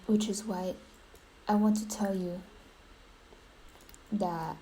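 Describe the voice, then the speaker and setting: A woman's voice: mid-range voice, fairly even intonation, slow, mellow, a little hiss or hum, low-quality recording. A young woman giving dramatic, half-whispered commentary while playing a life-simulation game. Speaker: gaming YouTuber.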